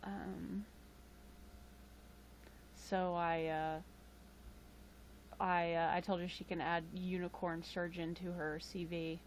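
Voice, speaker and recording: A woman's voice: fairly low pitch, flat delivery, slow, pauses often, a little hiss or hum. A tired woman chatting casually with live-stream viewers, rambling with frequent chuckles and fillers into a webcam mic. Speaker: livestream host.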